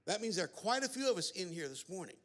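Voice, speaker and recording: Preaching at a family camp, a man tells a story with lots of fillers and restarts. His voice sits high, moves quickly, and swings widely in pitch.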